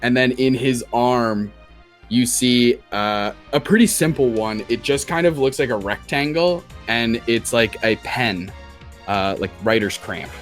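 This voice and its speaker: A man's voice: mid-range voice, a little slow, faint music behind. A young man narrating a tabletop game as dungeon master, loose and casual. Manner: loose, casual, many fillers.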